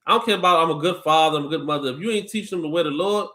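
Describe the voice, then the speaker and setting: Guy reading bible verses real slow, bright sharp voice, then calling out y'all in plain slang. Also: on the high side. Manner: reads verses slowly and deliberately, then scolds listeners in blunt slang. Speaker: scripture reader and co-teacher. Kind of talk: Bible study reading and preaching.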